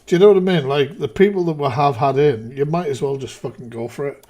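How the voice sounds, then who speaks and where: A man's voice: a little high, fast talker, crowd noise. A man hosting a live reaction stream, talking casually with exasperated, profane rants.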